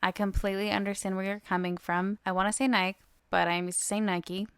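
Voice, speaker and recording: A woman's voice: medium pitch, little pitch movement, fast talker, smooth, dry recording. A woman in her twenties hosting a solo podcast, chatty and upbeat with lots of fillers. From United States. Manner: chatty and upbeat, many fillers, laughs often. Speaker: podcast host.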